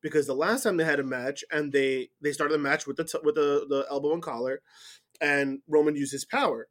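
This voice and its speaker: A man co-hosting a casual wrestling recap chat, animated and given to loud whoops. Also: a little high, fairly quick. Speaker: podcast co-host.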